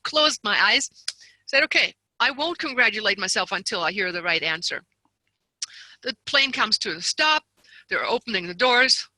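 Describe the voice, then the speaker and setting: A woman guest telling a personal story with lots of animation, slipping into quoted voices and laughing as she goes. Her tone is piercingly bright, and the recording is completely dry, with no room sound at all. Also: on the high side, expressive, normal speed, no echo, poor audio. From lives near Seattle. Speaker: guest author and seminar leader. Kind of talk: storytelling in a conversation.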